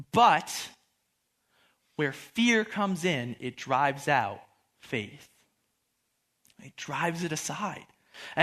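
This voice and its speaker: A man in his twenties giving a sermon through animated storytelling, acting out the quotes in his stories. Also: high-pitched. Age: 20s.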